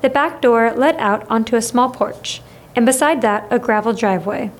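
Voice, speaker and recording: A woman reading a children's novel aloud in a steady, expressive way. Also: fairly high pitch, normal speed. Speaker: reader. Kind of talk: storybook read-aloud.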